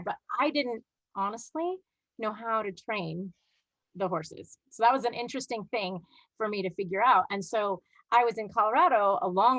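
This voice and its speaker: Woman guest on a video call, chatty storyteller with lots of restarts, plain pitch, dry sound. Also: no echo, rough recording. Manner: animated, chatty, many fillers and restarts. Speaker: guest horse trainer. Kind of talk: storytelling in a live video interview.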